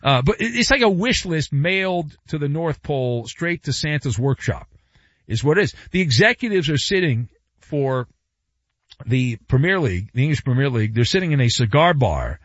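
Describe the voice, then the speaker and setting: Man, sports talk host, sarcastic riffs, higher voice, swooping pitch, dull dry lo-fi sound. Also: moderate pace, no echo. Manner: sarcastic, wisecracking, animated delivery.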